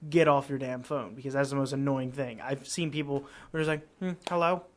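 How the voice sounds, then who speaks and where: A young man hosting a casual podcast chat, telling animated customer-service stories and acting out customers. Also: medium pitch, fairly quick. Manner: animated storyteller, acts out customers. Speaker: podcast host.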